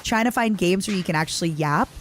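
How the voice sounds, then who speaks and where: Chatty woman streamer, lower voice. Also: a little hiss or hum. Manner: chatty, lots of fillers and quick agreement. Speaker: streamer host. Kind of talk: casual chat on a collab stream.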